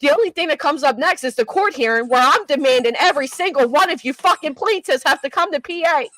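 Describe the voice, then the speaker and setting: A woman's voice: high voice, lively intonation, quick pace, sharp tone, rough recording. Fired-up profane woman livestreamer. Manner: profane, fired-up, reads a court ruling aloud. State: shaky and agitated. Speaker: livestream host. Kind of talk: casual livestream chat.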